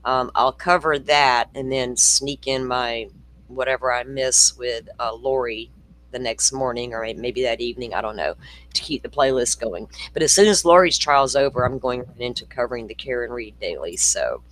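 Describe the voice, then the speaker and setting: A man's voice: medium pitch, normal speed, a bit bright, poor audio. A man hosting a true-crime livestream in loose, rambling casual chat. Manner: loose, rambling, friendly, many fillers. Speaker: livestream host.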